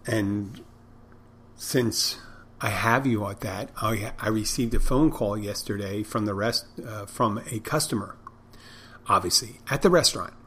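A middle-aged man with a slightly low voice talks through an unscripted podcast monologue. He wanders from topic to topic with a dry, joking manner and chuckles at his own stories. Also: measured pace, a bit bright, a little hiss or hum. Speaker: podcast host and restaurant owner.

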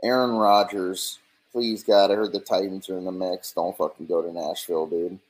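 A man's voice: deep voice, level tone, moderate pace, low-quality recording. A man ranting casually on a stream, rambling and profane with a mocking edge.

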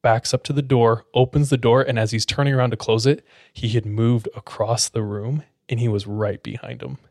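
A man's voice: medium pitch, fairly even intonation, moderate pace, a little mellow, no echo. A man telling a creepy story to friends in a casual, suspenseful way with plenty of fillers, close to the mic. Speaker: podcast storyteller.

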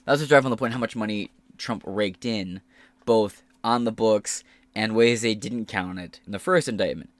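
A man's voice: on the low side, normal speed, dry recording. Profane, ranting male podcast host. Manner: heated, profane rant. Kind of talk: casual political commentary.

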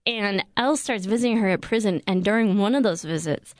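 Wry woman co-host, chatty plot recap, mid pitch, dry sound. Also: brisk, no echo. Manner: wry, joking asides. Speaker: podcast co-host. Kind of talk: casual chat recapping a film.

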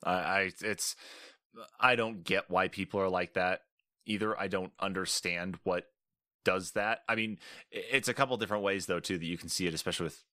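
Man, gaming podcast co-host, very deep voice, rambling, agreeable, dry sound. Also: brisk, bright, forceful tone, no echo. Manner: rambling, many fillers and restarts, agreeable. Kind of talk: casual gaming chat.

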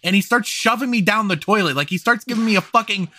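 A man's voice: high voice, fast, sharp tone, a little hiss or hum. A man co-hosting a podcast, rambling through a story in casual, swearing chat. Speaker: podcast co-host.

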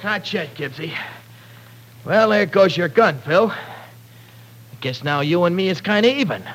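A man's voice: high-pitched, expressive, a little slow, fairly bright tone, exaggerated voice. A man playing a scrappy, cocky young tough guy who talks street slang, in 1940s radio acting. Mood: defiant. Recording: old radio recording with faint hiss.

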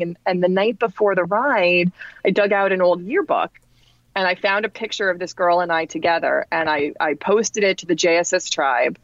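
A woman's voice: on the low side, no echo. Woman, forties, from New Jersey, chatty storyteller, muffled, dead-dry room. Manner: chatty, animated retelling with fillers. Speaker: podcast guest. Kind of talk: casual storytelling.

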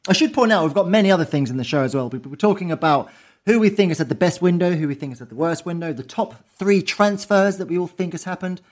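A man hosting a casual football chat podcast. His voice sits high for a man and he talks with brash, sweary energy, tossing out quick banter. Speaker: podcast host.

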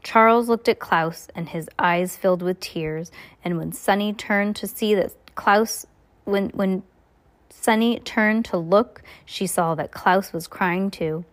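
A woman's voice: mid-range voice, slow. A woman reading a children's novel aloud at home in an unpolished way, stumbling and restarting. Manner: adds offhand casual remarks. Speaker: reader.

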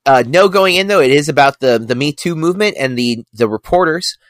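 A man's voice: fairly high pitch, expressive, brisk, no echo. A man co-hosting a film podcast, talking casually with many fillers and self-corrections. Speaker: podcast co-host.

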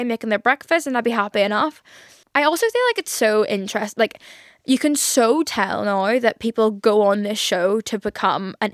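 A woman's voice: on the high side, no room sound, studio quality. A young Irish woman hosting a casual solo podcast, chatty and gushing with lots of "like" fillers. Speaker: podcast host.

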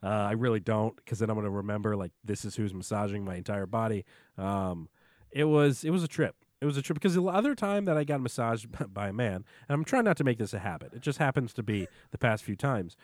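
A man's voice: lowish voice, lively intonation, quick pace, darkish tone, no echo, clean studio sound. A young man co-hosting a podcast, telling a rambling story and laughing as he talks. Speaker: podcast co-host. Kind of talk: casual chat.

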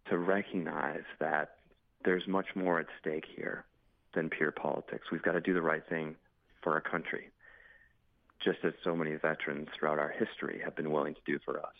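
A man's voice: rumbling low, fairly even intonation, normal speed, gravelly, no room sound. A congressman and military veteran speaking urgently and emphatically as a guest in a news interview. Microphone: phone. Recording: dry tinny phone line.

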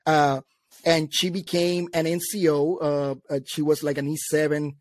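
A man with a fairly high voice tells stories from his army days in a casual chat, slipping into voices for the people he quotes. The sound is dry and close. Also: little pitch movement, moderate pace, dry recording. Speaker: veteran guest.

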